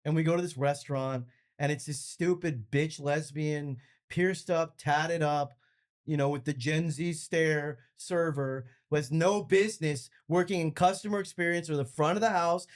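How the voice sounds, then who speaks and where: A man hosting a comedy podcast and telling stories in a profane, ranting monologue that builds to shouts. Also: on the high side, steady tone, moderate pace. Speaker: podcast host.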